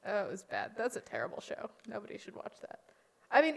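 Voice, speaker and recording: A woman's voice: medium pitch, animated, normal speed, creaky, long pauses, husky. Middle-aged woman, co-host, light casual banter with frequent laughs. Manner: giggly, joking. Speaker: co-host, mother. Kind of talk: casual chat.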